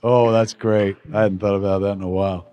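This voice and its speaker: A man co-hosting a podcast, talking casually, swearing a lot and excitedly quoting films. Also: on the low side, muffled recording. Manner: profane, enthusiastic, quick to quote movies. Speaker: podcast co-host. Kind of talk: casual chat.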